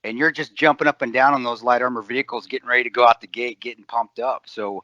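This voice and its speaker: Man in his forties, emphatic and sarcastic, forceful bright voice, dry slightly muffled sound. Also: mid-range voice, fairly even intonation, fast talker, no room sound. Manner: emphatic and sarcastic, swears freely. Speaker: podcast co-host. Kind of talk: casual chat.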